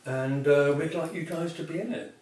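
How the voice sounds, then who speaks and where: A man's voice: on the high side, fairly even intonation, moderate pace, a little mellow, lightly acted. Posh, laid-back male producer, as a man imitates him; drawling and casual, echoey distant sound. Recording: echoey, distant, faint noise.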